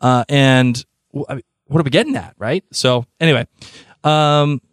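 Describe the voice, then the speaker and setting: Man, podcast co-host, casual animated chat, stumbles and restarts often, dry close sound. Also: medium pitch, normal speed, no room sound.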